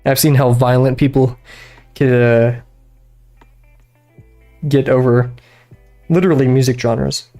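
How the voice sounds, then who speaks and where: Drawing on stream from his bedroom at home, this young man talks in a warm, mid-range voice that stays steady and slow, broken by long pauses. His casual chat wanders, distracted and dotted with fillers, restarts and plenty of laughs, over soft background music.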